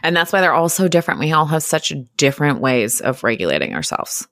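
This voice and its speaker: Low-pitched woman in her thirties chatting on a podcast, says like a lot, bounces into quoted voices, dry close mic. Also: big pitch swings, fast talker, a bit bright, no echo. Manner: chatty, lots of "like", acts out quotes. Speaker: podcast guest, therapist. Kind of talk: casual podcast chat.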